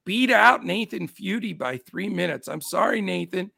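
A man's voice: sits high, expressive, moderate pace, creaky, husky, dry recording, clean studio sound. A middle-aged man with a scratchy voice hosting a casual sports betting show, upbeat as he greets his chat. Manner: upbeat, shouts out chat names. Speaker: show host.

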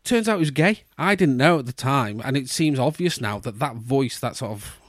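A man's voice: mid-range voice, animated, normal speed, dry recording, clean studio sound. A man hosting a podcast, telling a long rambling anecdote in a casual chat, full of restarts and asides. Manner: rambling anecdotes with restarts, slips into posh put-on voices. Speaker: podcast host.

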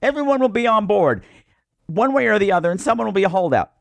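A podcast host giving a heated, profane, sarcastic movie review. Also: male voice, high-pitched, expressive, quick pace, gravelly, no room sound.

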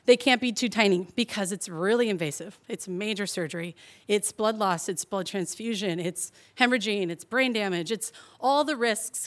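Young woman, a touch high-voiced, animated live storyteller who laughs through her tale. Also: a little fast. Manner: chatty and animated, heavy on "like", laughs through the telling.

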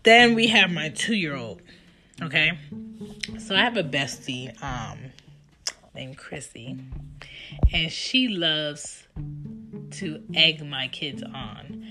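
A woman in her thirties casually telling stories about her children in an animated, chatty way. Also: low voice, slow pace, pauses often. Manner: animated, chatty, acts out her kids' lines. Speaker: mother telling family stories. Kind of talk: casual storytelling. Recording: guitar music playing behind the voice.

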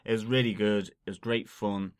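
A man's voice: fairly low pitch, fairly even intonation, normal speed, clean tone, no room sound, clean studio sound. A man co-hosting a podcast, talking casually with lots of ums and easy laughs. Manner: chatty, full of ums, laughs easily. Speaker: podcast co-host. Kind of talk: casual podcast intro chat.

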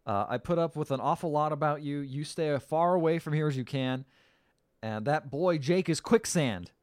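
A man's voice: fairly high pitch, normal speed, clean tone, no echo, studio quality. A man casually recapping a film on a podcast, acting out the characters' lines. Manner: acts out quoted lines with lively swings and laughs. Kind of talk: casual chat.

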